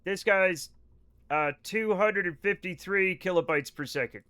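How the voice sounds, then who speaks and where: High, bright-voiced male streamer. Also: measured pace, smooth. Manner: rambling, profane, joking with chat. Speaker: livestream gamer. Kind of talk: casual live-stream chat while playing.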